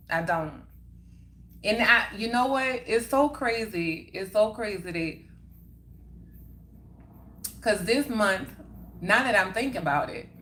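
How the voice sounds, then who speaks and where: A woman's voice: medium pitch, a bit bright. A young woman chatting casually on a livestream, answering viewer comments and repeating her points for emphasis. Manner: emphatic and repetitive, circling back on points. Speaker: livestream host.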